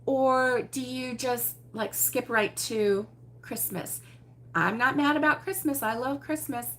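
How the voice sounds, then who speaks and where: A woman with a slightly high voice hosts a casual livestream from home. She reads and answers viewer comments in a chatty, exclamatory way, with frequent laughs and cries of surprise. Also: slow pace, a bit bright, a little hiss or hum. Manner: chatty and exclamatory, often saying "oh my goodness" and laughing. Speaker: host of a crochet livestream. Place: at home with her husband nearby.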